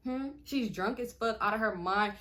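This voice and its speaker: A woman's voice: mid-range voice, normal speed, sharp tone. A young woman vlogger telling a story in a casual, slangy way and acting out what people said.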